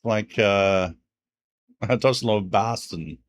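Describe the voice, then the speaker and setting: A man's voice: fairly low pitch, extremely slow. Chatty French Canadian man. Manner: chatty, laughs often, many fillers like "you know". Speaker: livestream radio host. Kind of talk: casual live-stream chat, reading viewer comments.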